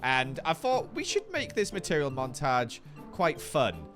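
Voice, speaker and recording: A man's voice: a little high, measured pace, soft background music. A man giving playful, self-mocking commentary as a Minecraft YouTuber. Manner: jokey, self-mocking, animated.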